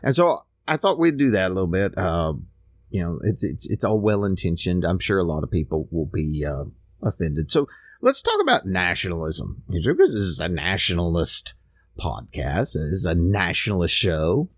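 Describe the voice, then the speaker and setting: A man's voice: low-pitched, huge pitch swings, moderate pace, no echo, studio quality. A man hosting a podcast, talking in a casual, rambling monologue that is full of restarts and repeated words. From United States. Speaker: podcast host.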